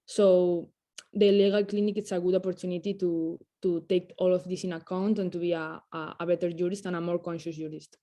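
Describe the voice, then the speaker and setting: A woman takes part in an online panel over a video call. Her voice is mellow and flat in pitch. She speaks English haltingly, pausing to search for words. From Spain. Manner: searching for words, many fillers. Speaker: law clinic participant. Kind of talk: panel discussion.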